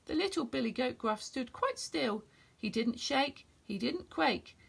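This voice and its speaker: A woman reads a children's picture book aloud, her voice gravelly and a touch husky. She sits a little high in pitch and reads gently and expressively. It is a friendly story-time reading. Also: lively intonation, unhurried.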